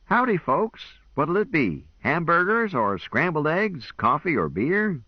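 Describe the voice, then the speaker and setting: A man's voice: on the high side, sing-song, unhurried, breathy edge, no room sound, pitched above the performer's own voice, heavily acted. A man voicing a brusque male diner cook who talks in brash, clipped bursts, in a dull lo-fi recording.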